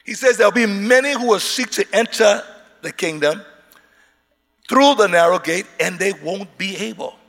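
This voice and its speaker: High-voiced man preaching in a reverberant hall. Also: animated, normal speed, creaky. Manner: emphatic, repeats words, rises into shouts. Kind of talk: sermon.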